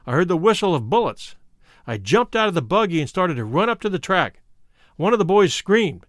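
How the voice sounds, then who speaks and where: Male audiobook narrator, high and animated, close dry sound, expressive memoir read. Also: brisk, no room sound. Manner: expressive storytelling reading, voicing quoted speakers. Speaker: audiobook reader.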